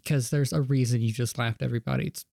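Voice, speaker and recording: Swearing guy ranting on a podcast, mellow dark voice, dry sound. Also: medium pitch, fairly even intonation, quick pace, gravelly, no echo. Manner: blunt, profane, ranting. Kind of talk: casual chat.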